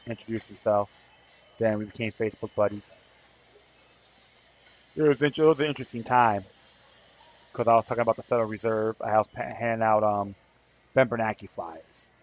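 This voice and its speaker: A man hosting a podcast as an activist, telling a story in a rambling, earnest casual monologue. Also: mid-range voice. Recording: slightly dull recording with faint background noise.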